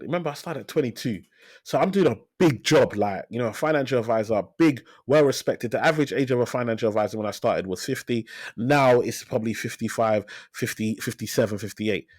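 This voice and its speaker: A man in his thirties talks as a guest on an interview podcast. He tells his story with energy and drives points home by repeating phrases. His voice sits at a middle pitch, recorded close and dry. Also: darkish tone, dry recording. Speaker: financial advisor, podcast guest. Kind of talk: casual interview talk.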